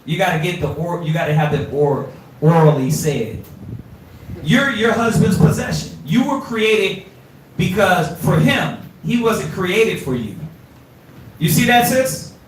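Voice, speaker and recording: A man teaching an informal scripture class, animated and streetwise, quizzing his students, recorded from afar in an echoey room. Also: sits high, unhurried, far from the mic, a little hiss or hum.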